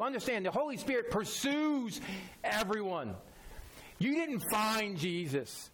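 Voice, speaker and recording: Fairly high-voiced male pastor preaching. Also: big pitch swings, measured pace, fairly bright tone. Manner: conversational, direct, repetitive phrasing. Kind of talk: sermon.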